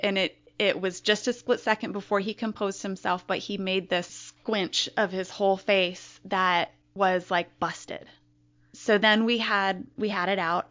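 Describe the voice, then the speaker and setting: Slow-spoken woman recounting her story. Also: mid-range voice, a bit bright. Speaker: interview guest. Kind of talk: personal story in an interview. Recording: dull lo-fi recording.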